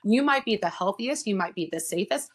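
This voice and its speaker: A woman guest on a podcast who speaks earnestly and reflectively, often pausing with "um" as she gathers her thoughts. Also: medium pitch, animated. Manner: earnest, reflective, pauses with frequent "um". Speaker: guest, insurance agency owner. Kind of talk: casual podcast conversation.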